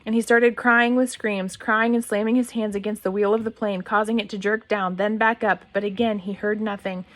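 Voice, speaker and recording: A woman reading a novel aloud at a mid pitch. Her reading is plain and steady, with occasional restarts and a cleared throat now and then. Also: moderate pace. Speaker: reader.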